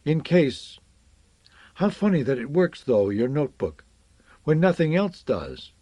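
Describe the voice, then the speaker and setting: A man voicing a thoughtful crewman who speaks haltingly, searching for words, in an audiobook read. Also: on the high side, very animated, mellow, no room sound. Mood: unsettled.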